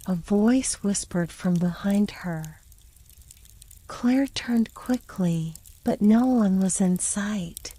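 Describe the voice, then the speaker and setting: A woman narrating a bedtime story in a soft, soothing whisper. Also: medium pitch, rough recording. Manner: slow and soothing.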